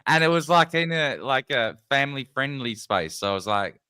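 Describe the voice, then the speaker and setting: A man's voice: mid-range voice, expressive, moderate pace, bright, forceful tone, a little hiss or hum. A man chatting casually on a livestream, telling a rambling story and laughing often. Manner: giggly, tells rambling anecdotes. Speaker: guest on a livestream chat. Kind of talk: casual chat.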